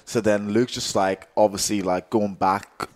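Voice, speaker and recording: A man's voice: on the low side, fairly even intonation, measured pace, a little mellow, no echo. A young man co-hosting a podcast, telling stories in casual chat and laughing often. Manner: laughing storyteller. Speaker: podcast co-host.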